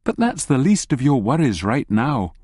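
A man narrating a story in the second person with lively, wry asides, reading from a script. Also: mid-range voice, moderate pace, husky, no echo, clean studio sound. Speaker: audiobook narrator.

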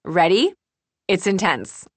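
A woman's voice: fairly low pitch, sing-song, slow, no echo, voice pushed up, exaggerated voice. A woman reading as Julie, an upbeat young woman. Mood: bright, coaxing. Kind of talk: audiobook reading.

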